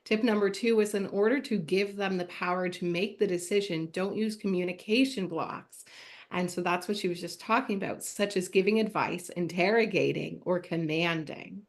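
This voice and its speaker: Woman interview host, upbeat, lower-pitched, addresses the audience directly. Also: normal speed. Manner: upbeat, summarizing for listeners. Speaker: podcast host. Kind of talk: interview conversation.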